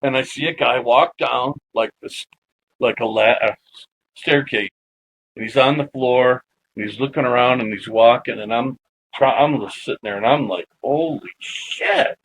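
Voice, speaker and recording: Excitable man telling a wild story. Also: mid-range voice, moderate pace, slight background noise, rough recording. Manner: animated, swears freely. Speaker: guest. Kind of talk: casual storytelling.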